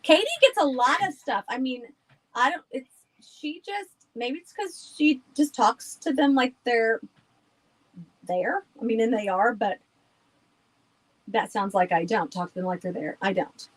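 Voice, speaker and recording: A woman's voice: a little high, measured pace, low-quality recording. A woman guest on a podcast, chatting casually and rambling with frequent laughs. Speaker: guest, haunted house owner.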